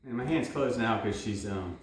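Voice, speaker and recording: A man teaching dog training in a casual, rambling way, switching into high excited praise for the dog. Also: normal speed, a little hiss or hum. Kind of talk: casual hands-on instruction. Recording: very echoey room, mic at a distance.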